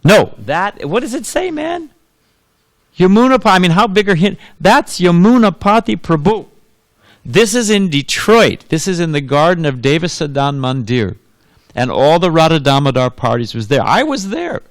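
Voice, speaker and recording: A man's voice: fairly high pitch, very animated, moderate pace, dry recording. A man giving a temple sermon as a monk, telling anecdotes, laughing often and putting questions to his audience. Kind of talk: storytelling sermon.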